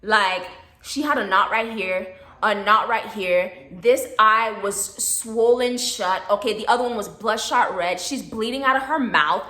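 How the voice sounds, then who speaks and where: A young woman telling a storytime vlog, animated, often asking "okay?" and swearing casually. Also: medium pitch, measured pace, echoey room.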